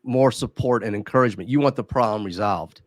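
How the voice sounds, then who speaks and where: A man's voice: lowish voice, fairly quick, no echo. A man co-hosting a casual podcast conversation, talking in an easygoing way and often repeating words as he thinks aloud. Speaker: podcast co-host.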